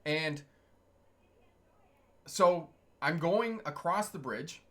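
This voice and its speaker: A middle-aged man with a bright, clear-toned voice telling stories on a casual livestream. He talks in a chatty, digressive way and chuckles often between stories. He stops now and then to answer viewers' comments. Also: fairly high pitch, animated, extremely slow. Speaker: truck driving instructor and channel host. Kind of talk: casual livestream storytelling, reading chat comments.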